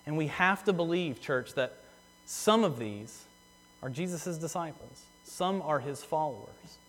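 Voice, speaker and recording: Male pastor with a slightly high voice, preaching earnestly in a church with long reverb. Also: lively intonation. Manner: earnest, repeats phrases for emphasis, slows on key words. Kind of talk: sermon.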